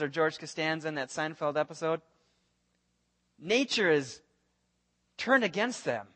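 A man preaching a sermon as pastor, telling the story in an earnest, animated way and acting out the voices of the people in it. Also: fairly high pitch, normal speed, pauses often.

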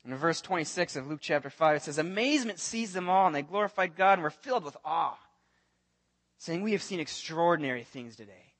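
A man preaching a sermon as pastor, telling the story in an earnest, animated way and acting out the voices of the people in it. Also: fairly high pitch, a little fast.

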